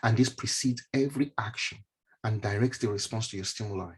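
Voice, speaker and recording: Speaking a little fast in a lowish, husky voice, a male neurologist presents a slide-based motivational teaching talk via online stream. His mentoring tone is conversational, with repeated key phrases and casual asides.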